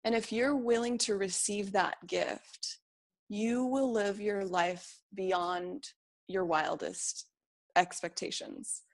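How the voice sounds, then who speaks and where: A woman's voice: medium pitch, fairly even intonation, takes it slowly. Earnest woman guest giving encouragement. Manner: earnest, encouraging, quotes inner voices. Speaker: interview guest. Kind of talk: reflective interview talk.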